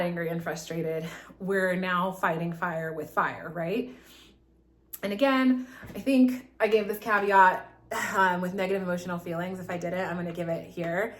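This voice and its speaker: Woman calmly explaining parenting tips. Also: medium pitch. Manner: conversational, explains with many fillers and restarts. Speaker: parenting educator. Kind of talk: casual instructional talk to camera.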